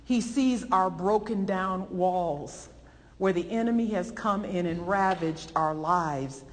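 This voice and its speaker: A woman's voice: fairly low pitch, slow pace, slight background noise. Woman preaching in an echoing hall. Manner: animated, emphatic, voices rising with feeling. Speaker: preacher teaching a Bible lesson. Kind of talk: sermon.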